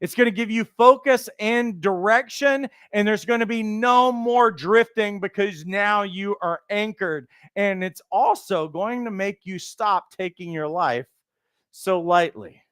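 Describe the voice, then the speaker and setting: A male coach trainer delivers a motivational lesson in a higher-than-usual, smooth and resonant voice. He speaks earnestly, stacking repeated phrases for emphasis. The sound is dry and close, with no room echo. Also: a little slow, a bit bright. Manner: acts out quoted voices, occasional restarts. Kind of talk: motivational teaching talk.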